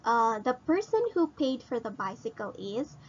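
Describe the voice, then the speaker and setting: A woman's voice: fairly high pitch, animated, normal speed, dull audio, a little hiss or hum. A woman teacher with a Filipino English accent, explaining grammar step by step in a recorded lesson and asking herself rhetorical questions.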